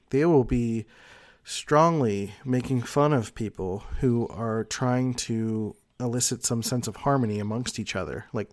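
A man explaining personality types in a casual, rambling monologue, peppered with "like" and soft laughs. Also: medium pitch, no room sound. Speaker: personality type commentator.

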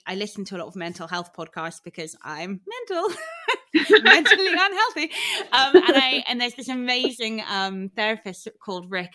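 A woman hosting a podcast, chatting casually with a guest. She talks frankly, swears freely and laughs easily. Her pitch sits in the middle of the female range. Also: pushed and bright. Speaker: podcast host. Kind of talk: casual chat.

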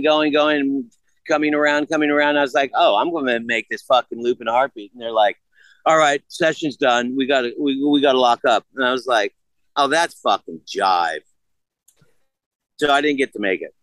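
A man in his sixties telling a story in casual chat, animated and profane, acting out what others said. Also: medium pitch, a little fast, no echo, low-quality recording. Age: 60s. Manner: animated, profane, acts out quotes.

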